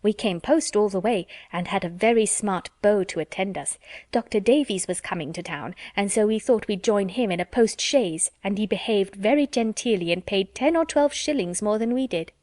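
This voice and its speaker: A woman voicing a giddy young spinster who chatters in quick, affectedly simpering boasts, for a storybook reading. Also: medium pitch, darkish tone, no echo, clean studio sound, lightly acted.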